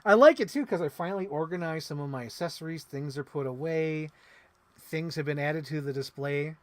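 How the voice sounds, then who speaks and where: A man chatting casually on a live stream while unboxing toys, rambling and excitable with lots of "like.". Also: fairly high pitch, normal speed. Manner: rambling, excitable, heavy use of "like". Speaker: toy collector streamer.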